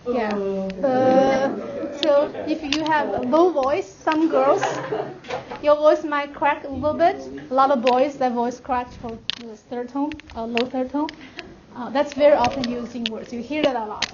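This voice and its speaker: A woman's voice: high-pitched, fairly even intonation, normal speed, crowd noise. A woman teaching a class how to pronounce tones, drawing out and singing vowel sounds to show each one. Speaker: language teacher. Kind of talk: classroom instruction. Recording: lo-fi classroom recording with clear noise.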